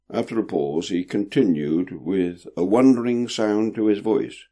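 A man reading a story aloud in an expressive, vivid narrating style. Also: low-pitched, moderate pace, vocal fry, hardly any pauses.

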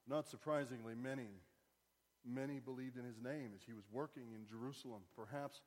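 A man's voice: lowish voice, steady tone, a little fast, a little mellow. A man preaching a sermon as pastor, conversational and wry, rising to emphatic bursts. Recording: long hall reverb.

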